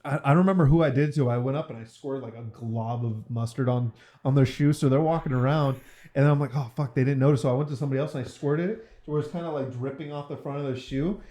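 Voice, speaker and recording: A man's voice: mid-range voice, fast talker. A young man in casual podcast chat, telling stories with lots of swearing. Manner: animated storyteller, swears often.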